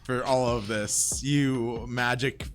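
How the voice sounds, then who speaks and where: A man's voice: mid-range voice, fairly even intonation, takes it slowly, faint music behind. A man playing in a tabletop game, sarcastic and exasperated. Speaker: player. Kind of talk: tabletop role-play.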